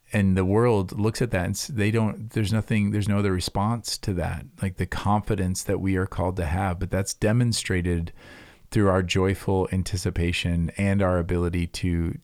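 A man's voice: low voice, darkish tone, dry recording, clean studio sound. A man co-hosting a church podcast, talking earnestly with frequent fillers and restarts. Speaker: pastor co-host.

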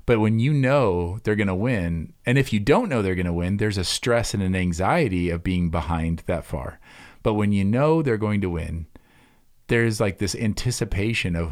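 A man's voice: on the low side, normal speed, no echo, clean studio sound. A man co-hosting a church podcast, talking earnestly with frequent fillers and restarts. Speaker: pastor co-host.

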